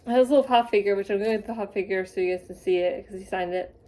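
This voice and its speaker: Excitable young woman gushing in a vlog. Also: medium pitch, rapid-fire. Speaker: vlogger. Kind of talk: casual storytelling vlog.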